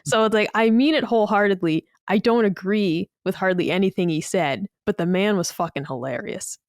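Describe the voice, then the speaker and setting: A woman's voice: mid-range voice, brisk, no echo. Woman cohost, casual rambling chat, lots of likes, dry close mic. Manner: animated storyteller, frequent "like" fillers. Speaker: podcast co-host.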